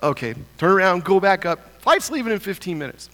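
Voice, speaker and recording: A man tells a funny, self-mocking story to a congregation, with lively energy. His voice sits a bit high and rises further as he gets excited. A long reverb from a large hall trails each phrase. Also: a little fast. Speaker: church speaker. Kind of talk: animated storytelling talk.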